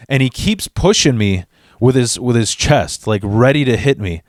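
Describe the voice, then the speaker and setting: A man's voice: mid-range voice, moderate pace, no echo, studio quality. Profane, stammering man ranting a story. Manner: profane and animated, acting out quotes; restless stammers and restarts. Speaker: vlogger. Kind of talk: storytime rant.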